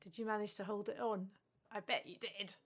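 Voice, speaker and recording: A woman with a Scottish accent leading a call-and-response singing lesson, encouraging and speaking slowly and clearly between sung phrases. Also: mid-range voice, fairly even intonation, soft background music. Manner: encouraging, slow and clear, sings sung examples. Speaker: music teacher.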